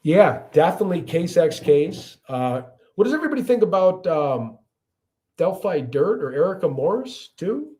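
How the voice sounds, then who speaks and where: A man's voice: fairly high pitch, sing-song, normal speed, a little mellow. A man in his thirties from the Chicago area with a Chicago accent, hosting a casual livestream and chatting back to viewer comments with frequent restarts. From Chicago area, USA. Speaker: livestream host.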